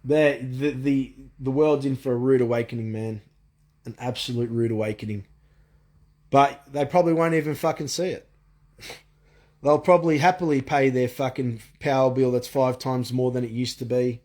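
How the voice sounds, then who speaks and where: A man vents his frustration in a long monologue, swearing often and restarting his sentences. His pitch sits in the middle range for a man. He rants to the camera like a vlogger. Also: fairly even intonation, moderate pace, darkish tone. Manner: profane, frustrated ranting with frequent restarts. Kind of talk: ranting monologue.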